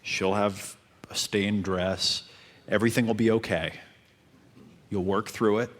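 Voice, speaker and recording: A man giving dating advice in a calm coaching talk, repeating his points. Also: lowish voice, unhurried.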